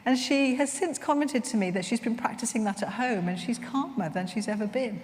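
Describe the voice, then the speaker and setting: A woman chaplain giving a conference talk, reflective and gentle, telling personal stories to fellow chaplains. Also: fairly high pitch, fairly quick, slight background noise. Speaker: chaplain trainer. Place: conference hall. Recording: long reverb in a large hall.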